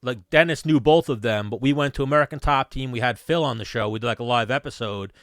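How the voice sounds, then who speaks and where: A man's voice: mid-range voice, fast, fairly bright tone, dry recording, clean studio sound. A man co-hosting a podcast, easygoing and asking a guest questions in casual chat. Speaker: podcast co-host.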